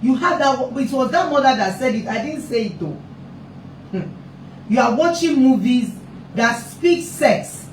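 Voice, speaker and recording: A woman's voice: high voice, expressive, a little slow, pauses often, a little hiss or hum. A woman giving an impassioned live talk to parents as a family therapist, emphatic and repeating her points for stress. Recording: roomy echo, distant mic, faint ambience.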